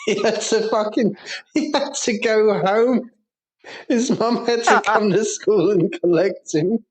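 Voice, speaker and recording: A man's voice: sits high, a little slow, husky. An Englishman with a crude, sweary way of talking, telling school stories in casual podcast banter and laughing through them. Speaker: podcast co-host.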